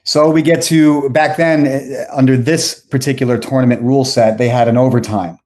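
A man's voice: mid-range voice, steady tone, normal speed, darkish tone. A man in his forties from South Florida, a podcast guest telling a long story casually, rambling and correcting himself as he goes.

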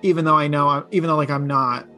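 A man's voice: a little high, fairly even intonation, music in the background. Eager, gushing man in casual chat. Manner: eager and gushing, quick to agree. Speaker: podcast co-host.

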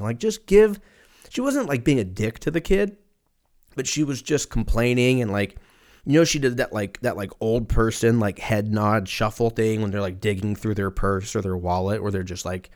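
A man in his 30s tells a rambling comic story casually and profanely, frequently breaking off mid-sentence. His voice sits mid-range with a darkish tone.

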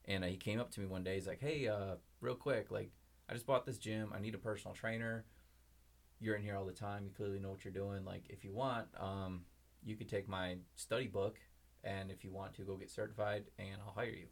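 Young adult male guest, low-pitched, quick, chatty storyteller. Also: little pitch movement, gravelly. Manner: rambling storytelling with many fillers. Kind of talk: casual podcast chat.

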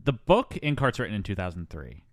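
A man's voice: on the low side, very animated, fairly quick, no echo, studio quality. A man hosting a casual movie podcast, chatty with frequent ums and asides. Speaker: podcast host.

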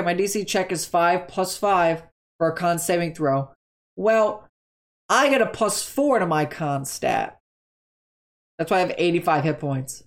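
Chatty, rambling tabletop game creator. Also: mid-range voice. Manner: chatty, rambling, self-correcting, upbeat. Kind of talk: casual explainer on game monster stats.

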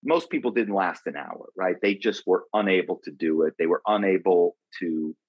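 A man's voice: low voice, moderate pace, breathy edge, no room sound, muffled recording. A middle-aged man as an interview guest, telling a long personal story in a loose, rambling way, full of fillers and restarts. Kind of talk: conversational storytelling.

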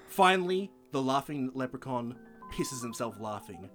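A man co-hosting a casual podcast, telling a long joke in a deadpan storytelling way. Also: mid-range voice, fairly quick, over loud music. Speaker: podcast co-host.

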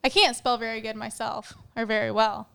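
A woman with a fairly high, smooth and clear voice chats casually as a podcast co-host. She laughs often and fills her sentences with "like". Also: fairly even intonation, fairly quick, bright, forceful tone. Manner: giggly, lots of "like" fillers. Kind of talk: casual chat.

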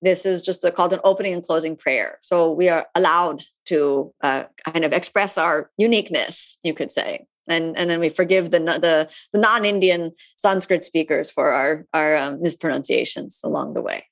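A female yoga teacher fields viewer questions during a live online session, chatting in a relaxed way full of asides. Her low, gravelly voice moves at a moderate pace with few pauses.

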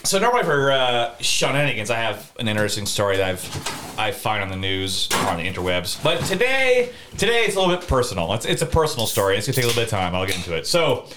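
A man's voice: mid-range voice, very animated, fast talker, noisy background. A man telling a rambling story in casual podcast chat, swearing freely.

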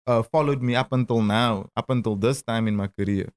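A man's voice: mid-range voice, smooth, soft background music. A man in his thirties with a Cape Town South African accent, a rapper telling stories in a casual interview, often stammering and restarting. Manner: stammering restarts, quick asides and laughs. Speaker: rapper and guest.

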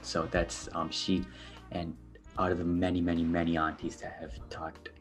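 A young man with a very low voice tells a personal story as a podcast guest. His delivery is earnest and halting, full of ums and restarts. Soft music sits faintly behind him. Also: completely flat delivery. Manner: earnest, hesitant, many fillers.

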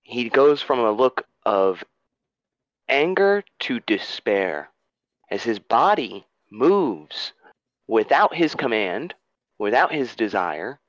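A man narrating a tabletop fantasy game as game master, in a slow, dramatic telling. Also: mid-range voice, sing-song, dry recording, dull audio.

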